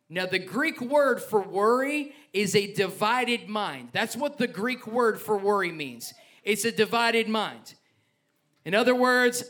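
A male pastor preaches a passionate sermon, moving between scripture reading and joking asides. His voice sits high for a man. It has a bright, forceful edge. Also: expressive, measured pace.

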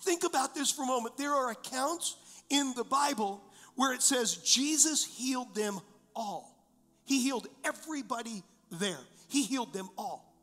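A man's voice: extremely high pitch, lively intonation, moderate pace, bright, forceful tone, long reverb tail, soft background music. A male pastor preaching a sermon, emphatic and repetitive, full of rhetorical questions. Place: church.

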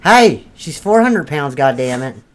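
Voicing a crude, foul-mouthed North Carolina redneck landlord on a comedy podcast, a man with a highish voice blusters and drawls through an improvised sketch. He's profane and very animated but keeps a measured pace.

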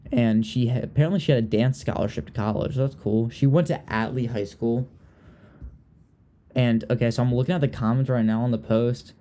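Gossipy young man with a dark voice. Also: medium pitch, fairly even intonation, brisk. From Richmond, Virginia. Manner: chatty and gossipy, trailing off and restarting. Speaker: podcast host. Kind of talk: casual chat.

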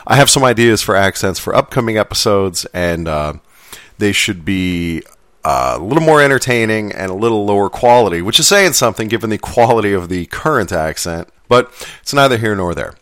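A man hosting a podcast, talking casually about what he will read, relaxed and self-deprecating. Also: lowish voice, brisk, no echo, studio quality. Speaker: podcast host.

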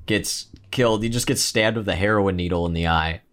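A man's voice: low voice, brisk, a bit bright. A man co-hosting a movie review podcast, chatting casually and acting out scenes with quoted voices. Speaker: podcast co-host.

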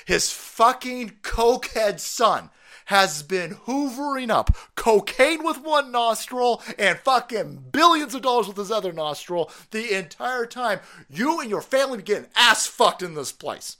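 A man's voice: high-pitched, sing-song, normal speed, bright, forceful tone. A man hosting a livestream, ranting about politics in a profane, mocking way and laughing often. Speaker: livestream host. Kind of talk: foul-mouthed political comedy rant.

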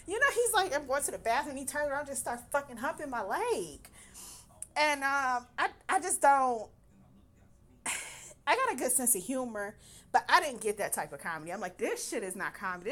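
Young woman, storyteller; lively, exasperated, salty delivery, bright higher voice. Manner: animated, exasperated, swears freely, laughs while telling. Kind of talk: casual storytelling.

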